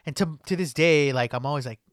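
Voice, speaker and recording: A young man, chatting on a podcast in a slangy, profane, animated way. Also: a little high, fast, no echo, clean studio sound. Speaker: podcast host. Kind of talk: casual storytelling chat.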